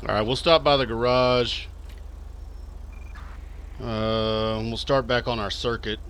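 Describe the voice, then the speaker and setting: Texan male streamer, brash and profane, bright edgy tone, faint background noise. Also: mid-range voice, fairly even intonation, measured pace. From Texas. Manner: profane, brash, chatty, reads chat aloud. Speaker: streamer playing a police officer in a role-play game. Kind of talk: casual live-stream chat while role-playing a cop.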